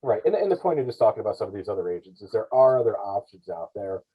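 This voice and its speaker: A man talks through emergency care on a podcast, rambling and often correcting himself mid-sentence. His voice sits low and has a husky edge. The audio is dull and lo-fi. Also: very animated, fast. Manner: rambling, explanatory, self-correcting. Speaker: paramedic guest. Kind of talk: podcast discussion.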